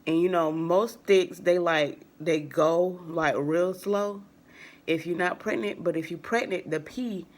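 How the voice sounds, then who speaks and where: A young woman vlogger rambles casually through a personal story in a lowish voice, keeping a measured pace and fairly even intonation. She leans heavily on fillers and keeps acting out conversations with "I was like."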